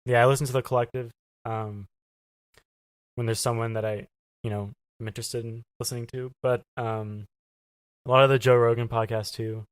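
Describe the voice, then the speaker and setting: A man guest in a casual interview, talking softly with many fillers and pauses. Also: mid-range voice, flat delivery, clear, resonant tone, dry recording. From lives in Los Angeles. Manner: soft-spoken, lots of fillers and hesitations. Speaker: podcast guest.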